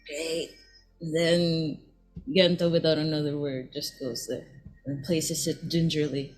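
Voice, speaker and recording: A woman's voice: sits low, little pitch movement, slow pace, a little mellow, faint music behind. A woman playing a tabletop role-playing game, describing her character's actions in a rambling way full of "like" and "kinda". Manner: rambling, filler-laden. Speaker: player. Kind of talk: casual tabletop game play.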